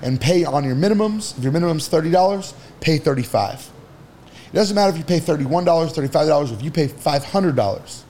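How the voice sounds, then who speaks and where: A man with a brisk, expressive, mellow voice on the high side offers advice as an entrepreneur on a podcast. His manner is casual and blunt, he swears some, and there's a little hiss or hum.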